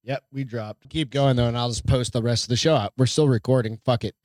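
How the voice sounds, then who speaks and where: Casting note: man of middle pitch, podcast co-host, profane and joking, reads news aloud, dry close sound. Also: fairly even intonation, a little fast, a little mellow, dry recording. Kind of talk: casual chat, reading news aloud.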